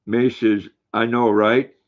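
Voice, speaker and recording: Older male stream host, folksy and easygoing, reads chat aloud; muffled low-fi audio. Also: level tone, takes it slowly. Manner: folksy, reads viewer comments aloud, talks to his dog. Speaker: livestream host. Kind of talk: casual livestream chat reading comments.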